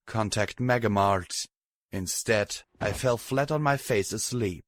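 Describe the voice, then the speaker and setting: A man narrating a fanfiction audiobook in the first person, reading at an even, steady pace. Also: lowish voice, a little slow, no room sound, clean studio sound. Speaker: audiobook reader.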